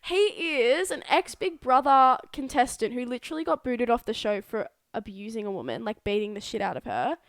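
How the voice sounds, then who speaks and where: High-voiced bubbly young woman co-host. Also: expressive, dry recording, clean studio sound. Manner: bubbly, teasing, quick to laugh. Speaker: podcast co-host. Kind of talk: casual chat.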